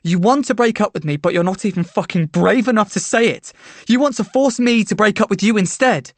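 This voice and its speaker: A woman reading a story aloud and voicing a hurt, quick-tempered teenage boy with loud, sharp outbursts. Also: mid-range voice, no room sound, natural voice. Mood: angry.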